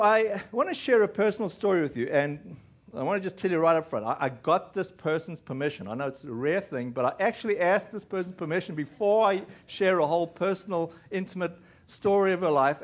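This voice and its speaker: A male pastor preaching a sermon in a casual, rambling storytelling way, with many fillers and restarts. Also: high-pitched. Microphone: recorded in a church.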